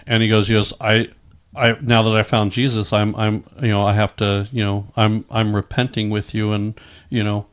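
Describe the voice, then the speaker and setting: Middle-aged man, lowish voice, casual storytelling, stammers and restarts, swears freely. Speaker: guest telling his story.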